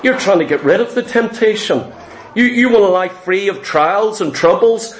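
A man with a very high voice preaches a sermon in a church. He is emphatic and repeats his points, slipping into quoted complaints from his listeners. The room is echoey. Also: animated, normal speed.

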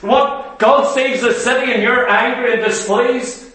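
Male preacher, high voice, passionate rhetorical sermon, very reverberant church sound. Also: fairly even intonation, a little slow, sharp tone. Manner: impassioned, rhetorical questions, mimics hearers. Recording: very echoey hall, voice from far off.

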